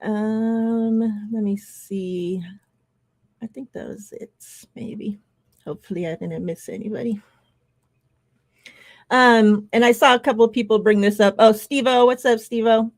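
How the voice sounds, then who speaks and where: A woman's voice: on the high side, fairly even intonation, unhurried. A woman co-hosting a sports podcast over an online call, greeting the live chat by name in a friendly way and talking casually. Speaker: podcast co-host.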